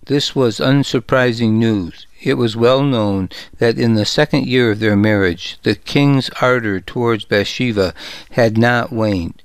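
A man narrating an audiobook in the first person, measured and deliberate. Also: mid-range voice, clean tone, no room sound.

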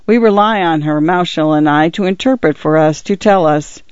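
A man voicing an excitable, fussy middle-aged husband who frets and exclaims in an audiobook reading. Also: on the high side, normal speed, clear, resonant tone, no echo, lightly acted. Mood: agitated. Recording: dull, lo-fi, dry recording.

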